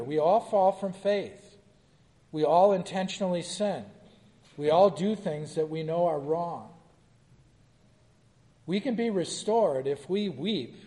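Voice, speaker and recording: A man teaching a Bible study, with a mellow, darker voice that sits a little high for a man. He reads scripture aloud and then quizzes the group, and a long reverb trails his words through a large hall. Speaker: pastor.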